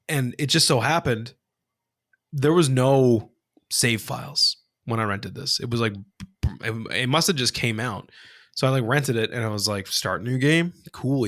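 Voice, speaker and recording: A man co-hosting a casual podcast, telling a childhood story with lots of swearing and acted-out voices. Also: mid-range voice. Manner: animated, profane storyteller acting out voices. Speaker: podcast co-host.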